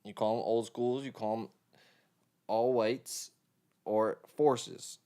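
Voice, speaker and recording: A man's voice: medium pitch, fairly even intonation, takes it slowly, warm tone, clear, resonant tone. Casual New York man on a live stream. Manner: loose, swears freely, chats with viewers. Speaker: mixing engineer streaming live. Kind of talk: casual livestream chat.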